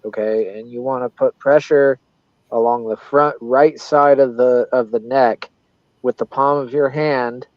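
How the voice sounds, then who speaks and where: A man's voice: mid-range voice, fairly even intonation, unhurried, no echo. A man in casual podcast chat, giving blunt, emphatic advice. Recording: dull, dry lo-fi sound.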